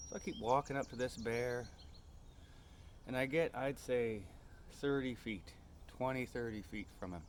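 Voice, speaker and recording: A man telling a personal story in a calm, unhurried way, often ending lines with a tag question. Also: medium pitch, a little hiss or hum.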